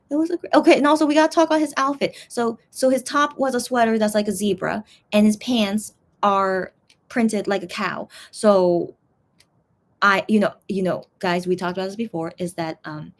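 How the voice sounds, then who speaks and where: Young woman rambling at her viewers, lots of likes and um, middling voice. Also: mid-range voice. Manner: rambling, full of fillers and restarts; chatty and animated, talking straight to viewers. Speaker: fan vlogger. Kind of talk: casual chat.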